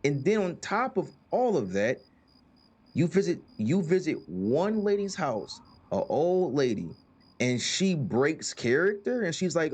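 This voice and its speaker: A man's voice: fairly high pitch, big pitch swings, measured pace, darkish tone. A man hosting a casual gaming chat who rambles, repeats words and leans on fillers. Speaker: host.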